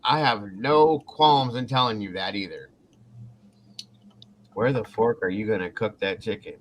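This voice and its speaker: This podcast host from Ohio has a lowish voice, talks a little slowly, and there's slight background noise. On his casual talk show he animatedly tells a story, swearing and acting out quotes.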